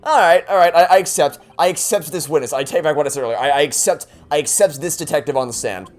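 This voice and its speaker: Animated, sarcastic male gamer. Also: fairly high pitch, quick pace, soft background music. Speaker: let's play host. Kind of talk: gameplay commentary.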